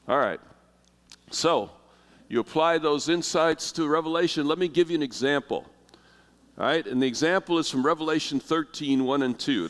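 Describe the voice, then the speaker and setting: Older man lecturing in a hall. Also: fairly high pitch. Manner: conversational, asks the audience questions. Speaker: Bible teacher. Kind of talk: classroom Bible lecture. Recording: hall reverb.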